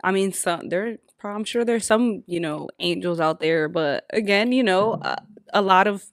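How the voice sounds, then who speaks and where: A woman's voice: mid-range voice, moderate pace, no echo, clean studio sound. A young Puerto Rican woman hosting a casual podcast chat, slangy, emphatic and joking. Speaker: podcast host.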